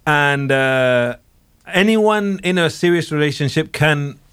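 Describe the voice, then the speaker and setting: A man's voice: on the high side, takes it slowly, a bit bright, clear, resonant tone, dry recording, clean studio sound. A man co-hosting a podcast, chatting casually and rambling with restarts. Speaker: podcast co-host. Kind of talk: casual chat reviewing a TV series.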